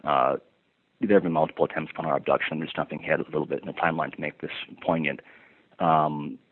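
A man's voice: rumbling low, steady tone, fast talker. A man giving a long personal account of an incident, in formal wordy phrasing with frequent ums and restarts. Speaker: passenger recounting an incident. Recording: tinny lo-fi phone-like recording.

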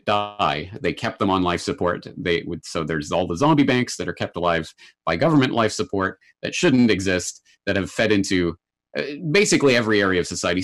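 A male guest in a casual talk, explaining things in a measured, analytical way. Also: on the low side. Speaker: guest commentator. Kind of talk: casual chat. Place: Japan.

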